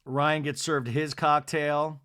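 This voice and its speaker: A man's voice: a little high, flat delivery, takes it slowly, bright, forceful tone, smooth. A man hosting a podcast, giving a chatty, gossipy solo TV recap. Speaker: podcast host. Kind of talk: casual TV recap monologue.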